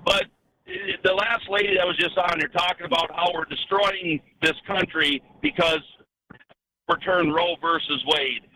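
A man with a high, sharp voice calls in to a talk radio show from the road. He sounds indignant and keeps stammering and restarting his sentences. A faint vehicle hum sits behind the line. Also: steady tone, moderate pace, low-quality recording. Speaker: caller. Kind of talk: phoned-in talk radio call.

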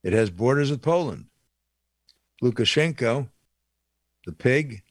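A man's voice: mid-range voice, dry recording. An older man giving a blunt, indignant opinion monologue, rambling with fillers and asides. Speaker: commentator.

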